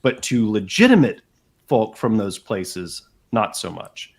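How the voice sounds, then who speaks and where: A man, a guest telling animated anecdotes in a casual chat, with frequent asides. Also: fairly low pitch, unhurried. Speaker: guest author. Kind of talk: casual storytelling.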